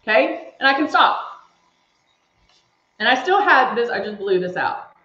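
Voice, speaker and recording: A woman's voice: a little high, very animated, a little slow, bright, forceful tone. Chatty woman demoing makeup live. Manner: chatty, talks through each step while reading viewer comments. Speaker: makeup demonstrator on a livestream. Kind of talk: casual live makeup tutorial. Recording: echoey room, slightly dull sound.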